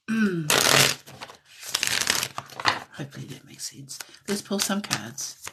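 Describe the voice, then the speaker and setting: A woman giving a live-stream tarot reading in a soft, musing way that drifts into whispers, with frequent light laughs. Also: fairly low pitch, big pitch swings, takes it slowly, creaky, long pauses, heavy background noise. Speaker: tarot reader.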